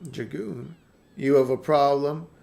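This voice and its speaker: A man's voice: mid-range voice, measured pace, vocal fry, mellow. A man voicing a cocky axe-wielding soldier in a game playthrough, threatening in tone. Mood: menacing.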